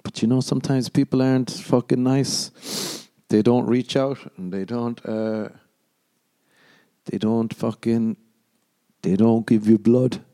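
A man's voice: mid-range voice, steady tone, takes it slowly, warm tone. A man hosting a podcast, rambling through a sardonic, sweary comedic monologue and putting on mocking voices for other people. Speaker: podcast host.

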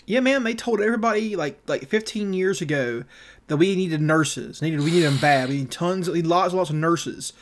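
A man co-hosting a casual podcast, talking in a loose, profane, ranting way with a slightly raised pitch. His voice sits a little higher than most men's and carries a steady, animated energy. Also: moderate pace. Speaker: podcast co-host.

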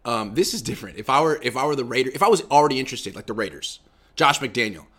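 A man's voice: medium pitch, expressive, quick pace, fairly bright tone. A young man hosting a casual sports talk show, arguing his points with animation and reading out listener comments. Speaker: podcast host.

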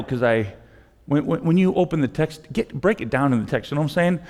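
A man's voice: fairly high pitch, expressive, fast, darkish tone. A middle-aged man preaching a sermon as pastor, conversational and repetitive, building to impassioned pleas. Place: church sanctuary. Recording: long hall reverb.

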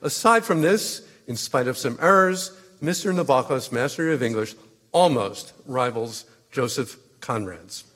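An actor reading letters as a stern, opinionated literary critic who lectures and corrects. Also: male voice, mid-range voice, expressive, unhurried, a bit bright. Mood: critical. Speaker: letter reader. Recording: long hall reverb.

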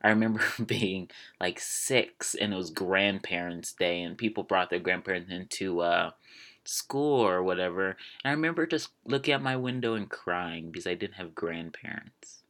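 A man's voice: sits low, moderate pace, fairly bright tone. A man in his twenties hosting a casual solo show, rambling along with jokey asides. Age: 20s. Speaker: podcast host.

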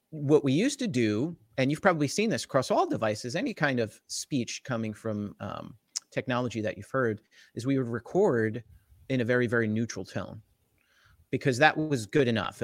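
A man's voice: mid-range voice, normal speed, no echo, clean studio sound. A man from the Jersey Shore with a New Jersey accent, explaining technology in a casual interview and often checking in with "right?". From Jersey Shore, USA. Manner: animated, lots of "right?" tag questions. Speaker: tech company guest.

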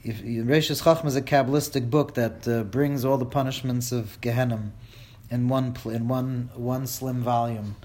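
A man's voice: medium pitch, fairly even intonation, normal speed, a little mellow. A man teaching a class, reading lines of a Hebrew text aloud and translating each into English with dramatic emphasis and a wry humor. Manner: reads Hebrew lines then translates them line by line, dramatic; wry, jokes with listeners. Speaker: Torah teacher.

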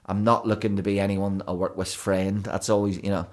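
Lower-voiced man telling stories. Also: brisk. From Belfast, Northern Ireland. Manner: rambling, animated storytelling with restarts. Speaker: broadcaster and DJ guest. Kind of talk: casual podcast chat.

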